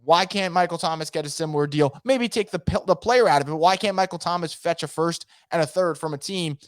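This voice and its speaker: A solo sports podcaster with a mid-pitched voice, arguing opinions emphatically and speaking straight to the listener. The sound is dry and close, with no room echo. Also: brisk. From fan of a New Orleans team.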